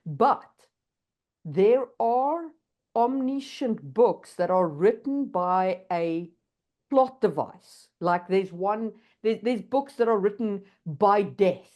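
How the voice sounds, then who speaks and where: A woman's voice: mid-range voice, animated, slow pace, warm tone. A woman co-hosting a podcast, explaining writing craft in a thoughtful, casual way and often checking in with "right?". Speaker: podcast co-host.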